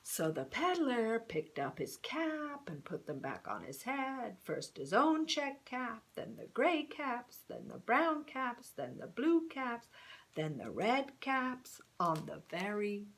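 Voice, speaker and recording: A woman storyteller reading a picture book aloud, slow and expressive, dropping to a whisper for suspense. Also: on the high side.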